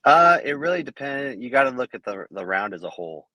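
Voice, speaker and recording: A man, a fight judge guest, answering interview questions in a halting way full of fillers and restarts. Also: medium pitch, very animated, sharp tone, no echo. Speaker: MMA judge, podcast guest.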